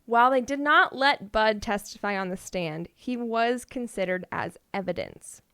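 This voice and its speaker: A woman's voice: fairly high pitch, normal speed, sharp tone, clear, resonant tone, no echo, studio quality. A woman co-hosting a podcast, telling odd stories in a playful, casual way and often laughing. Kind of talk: casual storytelling chat.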